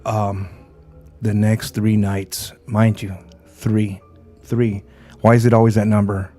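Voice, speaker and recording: A man hosting a paranormal podcast, speaking calmly and with reserve in a casual chat. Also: fairly low pitch, slow, soft background music. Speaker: podcast host.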